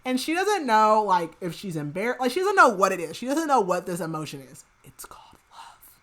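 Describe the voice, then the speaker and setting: A woman hosting a podcast, recapping a book in casual chat, rambling with lots of filler "like" and dropping into soft murmured asides. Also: mid-range voice, sing-song, a little fast. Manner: rambling, heavy use of filler "like", chatty asides; laughs at her own remarks, drops to soft murmured asides. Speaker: podcast host.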